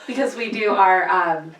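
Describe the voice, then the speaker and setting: A woman's voice: mid-range voice, a bit bright, distant mic, slight background noise. A woman telling stories and giving tips in a casual chat. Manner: chatty, storytelling, light laughter. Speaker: guest. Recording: echoey room, voice from the mic.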